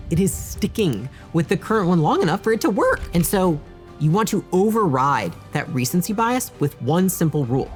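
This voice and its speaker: A woman who founded a business, talking straight to camera and coaching viewers in a direct, emphatic way. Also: low-pitched. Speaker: business founder giving advice. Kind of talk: direct-to-camera advice talk. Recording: faint background music.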